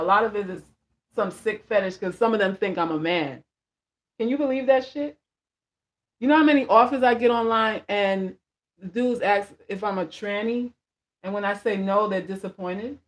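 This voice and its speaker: A woman with a mid-range, slightly bright voice chats casually on her livestream as a vlogger and life coach. She's blunt and emphatic, repeating phrases to drive points home, and reads viewer comments aloud before answering them.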